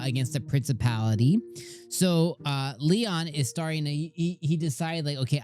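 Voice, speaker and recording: A man hosting an anime channel, giving casual reaction commentary in an excitable, gushing way with lots of rambling restarts. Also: medium pitch. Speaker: anime reviewer and channel host.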